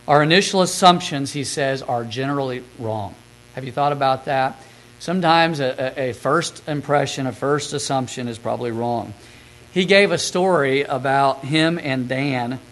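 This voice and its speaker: A man giving a sermon, reading scripture passages and then recounting a story in a quieter, quicker way. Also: mid-range voice, low-quality recording. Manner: reads scripture aloud, then retells stories in a soft, quick aside. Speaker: preacher recapping a sermon.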